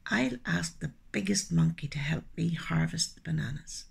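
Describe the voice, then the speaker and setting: A woman's voice: sits low, normal speed, gravelly, husky, voice pushed down, full character voice. A woman voicing a practical, thoughtful old woman who muses aloud in a children's folk tale. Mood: musing. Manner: musing aloud to herself. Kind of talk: children's storytelling.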